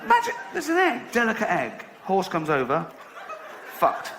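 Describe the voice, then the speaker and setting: A man's voice: high voice, huge pitch swings, moderate pace. A man riffing comically on set, breaking into laughter mid-sentence. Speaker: comedian. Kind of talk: improvised comic riffing between takes. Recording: echoey set with background noise.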